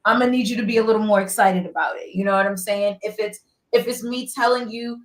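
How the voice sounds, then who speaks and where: A woman's voice: medium pitch, fast talker, reverberant, poor audio. A woman co-hosting a live panel talk, speaking animatedly and passing along what others have said. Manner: animated, relaying others' comments. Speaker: co-host.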